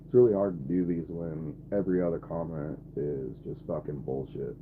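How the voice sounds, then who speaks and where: A man's voice: a bass voice, normal speed, noisy background. A man in his twenties live streaming and talking to his chat, blunt and irritated, swearing often. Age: 20s. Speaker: livestreamer. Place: camper. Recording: tinny phone-like audio, faint ambience.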